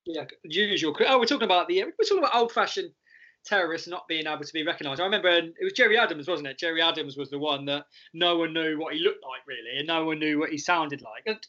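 Bright-voiced man chatting wryly. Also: fairly high pitch, quick pace. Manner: rambling, chuckling, wry. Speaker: podcast co-host. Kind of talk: casual football chat. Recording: dull lo-fi recording.

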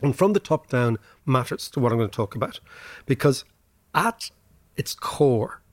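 An Irish man talks through history and economics like a lively lecturer, leaning on rhetorical "right?" tags. His pitch jumps around as he makes points. The recording is dry and close. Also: normal speed, no room sound. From Ireland. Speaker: podcast host. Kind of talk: casual explanatory chat.

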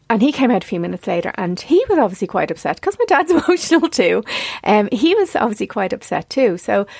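A woman in her forties hosting a podcast, talking in an earnest, confessional monologue and quick to get emotional. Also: mid-range voice, gravelly, darkish tone, dry recording. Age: 40s. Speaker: podcast host.

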